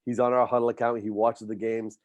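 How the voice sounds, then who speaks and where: A man's voice: medium pitch, little pitch movement, a little fast, darkish tone, no echo. Heartfelt middle-aged man, coach. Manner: heartfelt, faith-filled, repeats words when moved. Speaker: high school football coach and teacher. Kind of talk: emotional podcast interview.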